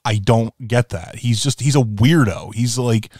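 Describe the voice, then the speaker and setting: A man's voice: medium pitch, measured pace, darkish tone, no room sound, clean studio sound. A man co-hosting a podcast, talking in a loose, jokey way with frequent restarts. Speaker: podcast co-host. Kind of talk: casual chat.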